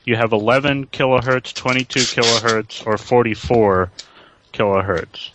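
A man's voice: medium pitch, fairly even intonation, normal speed, noisy background. A man co-hosting a casual internet radio show, talking bluntly and swearing freely.

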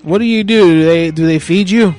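A man's voice: high voice, a little fast, darkish tone. Rambling, swearing man hosting a show. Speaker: show host. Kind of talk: casual crude banter.

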